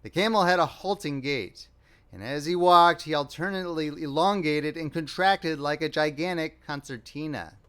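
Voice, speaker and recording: A man narrating a classic short story as an audiobook reader, with a wry, expressive delivery. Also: a little high, moderate pace, smooth. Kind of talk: scripted narration.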